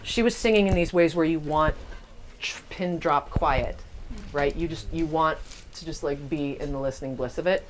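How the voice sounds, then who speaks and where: A woman's voice: deep voice, normal speed, a little hiss or hum. A woman facilitating a songleading workshop, talking animatedly to a group and telling stories. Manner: animated, storytelling, often sings lines to demonstrate.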